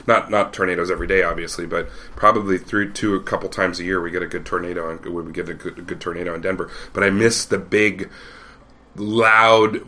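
A man with a fairly low voice hosts a relaxed podcast conversation. He wanders through his points with plenty of fillers and false starts, as if he is thinking out loud. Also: a little fast. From Colorado and Ohio, USA. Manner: rambling, lots of fillers and restarts. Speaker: podcast host. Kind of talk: casual chat.

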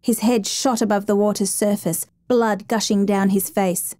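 A woman reading a dramatic true story as a steady, measured narrator. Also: mid-range voice, no room sound.

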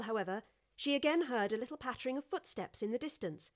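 A woman narrating a storybook in an even, measured reading voice. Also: a little high.

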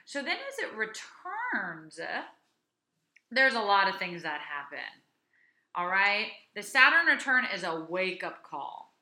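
A woman's voice: mid-range voice, very animated, slow, pushed and bright, echoey room. A woman in her thirties co-hosting a casual chat, talking things through and reading aloud from a website. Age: 30s. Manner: chatty, reads aloud from a website. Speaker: podcast co-host.

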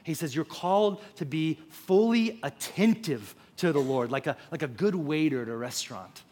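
Young male pastor, slightly higher voice, easy conversational sermon delivery. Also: lively intonation, darkish tone. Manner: conversational preaching, quick asides to the congregation. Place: church auditorium.

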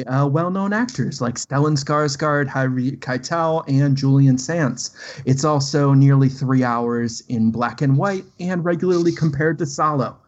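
A man's voice: medium pitch, dull audio. A man co-hosting a film podcast in casual chat, playful and wisecracking. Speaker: podcast co-host.

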